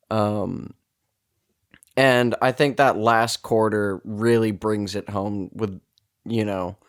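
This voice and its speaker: A man with a low, gravelly voice talks casually on a movie podcast. His sentences wander, and he restarts them often as he works out his opinion. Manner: rambling, self-correcting, laughs easily. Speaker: podcast co-host. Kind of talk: casual movie-review chat.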